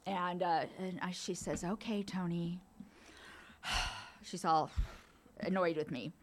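A woman's voice: on the low side, steady tone, slow, slight background noise. A woman in her fifties telling candid personal stories as a speaker at a recovery meeting, laughing often. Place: meeting room.

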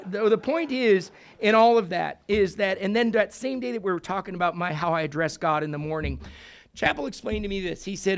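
A man in his sixties with a notably high voice tells a personal recovery story. He is animated and profane, dropping into hushed asides and then rising to loud bursts. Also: brisk. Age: 60s. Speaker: recovery meeting speaker. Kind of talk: storytelling talk.

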